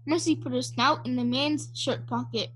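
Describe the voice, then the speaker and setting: A woman reads a children's storybook aloud in a high, bright voice. She is expressive and gives each character a voice of its own. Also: moderate pace, husky. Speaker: audiobook narrator.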